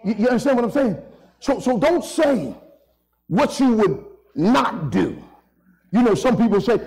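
A man's voice: very high-pitched, very animated, a little mellow, poor audio. A man preaching a sermon in a church, impassioned, stretching out key words for emphasis and calling the congregation to say amen. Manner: impassioned, drawn-out emphasis, calls for amens. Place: church sanctuary.

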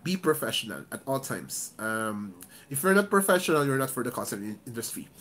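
A man's voice: medium pitch, very animated, brisk, fairly bright tone. Emphatic Filipino man coaching with a stuffy nose. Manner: emphatic, demonstrates stress and intonation. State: stuffy nose, feeling unwell. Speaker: call center trainer. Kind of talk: live-streamed coaching lesson.

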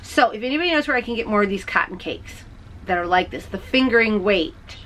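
A bubbly woman gushes to her camera in a casual, chatty home video podcast. Her voice sits at an ordinary middle pitch. A faint hiss runs under the recording. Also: animated, fairly quick, fairly bright tone. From Texas. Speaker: podcast host.

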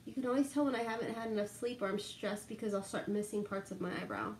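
A woman's voice: mid-range voice, fast talker, a little mellow, echoey room, slight background noise. A middle-aged woman, chatting casually and laughing a lot with live viewers while doing her makeup. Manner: chatty, laughs often, reads out viewer names.

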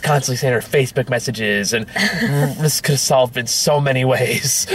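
A man at an ordinary middle pitch rants through a casual movie review. He rambles, turns sarcastic and swears freely, breaking into laughter often.

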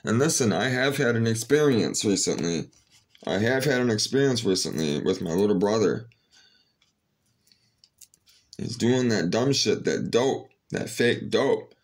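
A man's voice: lowish voice, animated, moderate pace. A man talking casually straight to his viewers in a rambling, earnest way, with frequent fillers and restarts. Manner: rambling, full of "you know" fillers and restarts. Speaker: vlogger. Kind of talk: casual spoken monologue to viewers.

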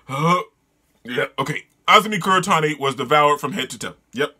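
Excitable man, comic read-through, loud exclamations, bright voice, very animated. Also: fairly high pitch, normal speed. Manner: excitable, exclaiming and yelling in disgust. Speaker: manga reader and reviewer. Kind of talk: reading a comic aloud with live reactions.

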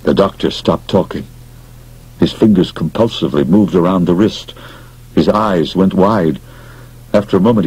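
A man narrating an audiobook in an expressive, dramatic storytelling manner. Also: sits low, slightly rough, rough recording.

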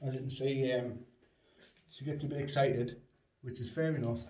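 A man's voice: mid-range voice, fairly even intonation, normal speed, mellow. Man, distant phone mic. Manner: plain, rambling, lots of fillers, short firm commands to the dog. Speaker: dog owner training his spaniel. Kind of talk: casual training demonstration. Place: indoors in a house hallway. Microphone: phone on the stairs, away from him. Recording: roomy, distant phone recording with faint noise.

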